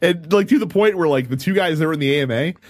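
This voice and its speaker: A man's voice: on the high side, lively intonation, fast, a little hiss or hum. A man hosting a casual gaming podcast, running through news items conversationally with fillers. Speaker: podcast host.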